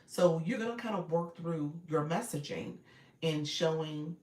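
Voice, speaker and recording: A woman's voice: deep voice, a little slow, a little mellow. A woman live-streaming coach giving casual advice and answering viewer comments as she goes. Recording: roomy echo, distant from mic.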